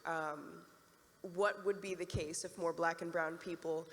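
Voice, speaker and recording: Woman panel moderator, playful, mid pitch, long hall reverb. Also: fairly even intonation, measured pace. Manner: joking, addresses the audience. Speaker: interviewer. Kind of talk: convention panel interview. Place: large convention hall.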